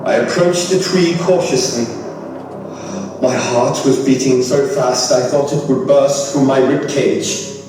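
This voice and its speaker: A man's voice: medium pitch, fairly even intonation, measured pace, recorded from a distance, lightly acted. A man playing a tormented grieving widower. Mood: brooding. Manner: theatrical, anguished stage delivery. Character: grieving widowed father, tormented, sliding into madness. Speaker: stage actor. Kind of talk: stage musical acting with narration. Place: theatre stage. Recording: echoey theatre stage from afar, with music.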